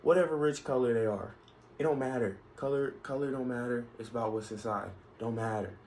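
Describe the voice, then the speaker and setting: Man, vlogger, rambling casual monologue, mid-pitched voice, faint background noise. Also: brisk, a little mellow, rough recording. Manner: rambling, many restarts and asides.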